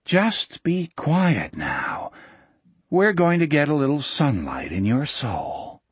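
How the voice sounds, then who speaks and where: A sinister preacher with a deep, mellow voice and a falsely gentle calm, spoken slowly and with a husky grain, as a man reading aloud puts him on. Every word drips sanctimony and quiet threat, delivered close and dry like an audiobook. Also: no echo, heavily acted. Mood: soothing menace. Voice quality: mellow, low and soft. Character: smooth menacing male preacher, falsely gentle.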